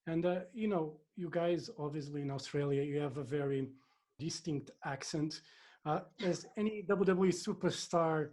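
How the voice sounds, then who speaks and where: A man's voice: a little high, moderate pace, darkish tone. A man interviewing an athlete, asking friendly, playful questions.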